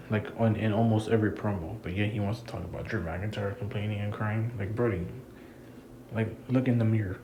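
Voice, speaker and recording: A man's voice: lowish voice, steady tone, fairly quick, noisy background. A man giving a casual, rambling wrestling review, frustrated and swearing freely. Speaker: wrestling commentator vlogger.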